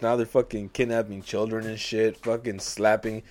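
A man's voice: on the low side, little pitch movement, normal speed, a little mellow. A young man, co-hosting a casual podcast, rambling and swearing constantly, often laughing and acting out quotes. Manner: profane, rambling, laughs a lot, acts out quotes. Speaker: podcast co-host.

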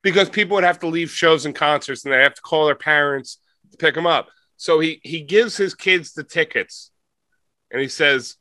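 A man co-hosts a podcast and spins a rambling, playful comic story. His voice is bright and a little high. The sound is dry and close to the mic. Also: moderate pace, no room sound. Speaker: podcast co-host. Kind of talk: casual comedic storytelling.

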